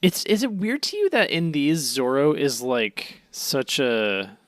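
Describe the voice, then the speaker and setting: A man co-hosting a podcast, reacting with laughs and animated banter while recapping episodes. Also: mid-range voice, unhurried, no echo. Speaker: podcast co-host. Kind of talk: casual chat recapping episodes.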